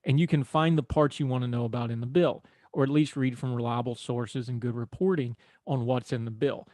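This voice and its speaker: Man, talk radio host, folksy, dry studio sound, mid pitch. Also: fairly even intonation, a little fast, darkish tone, dry recording. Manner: folksy, conversational, wry asides. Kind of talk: political talk radio monologue.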